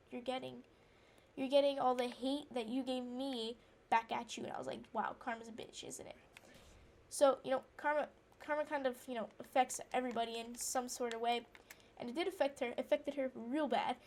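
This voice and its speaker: Slight background noise sits under a woman's high, darkish voice. While playing a game she tells an indignant personal story in a rambling, casual chat, with lots of fillers and restarts and breaks to react to what's happening in the game.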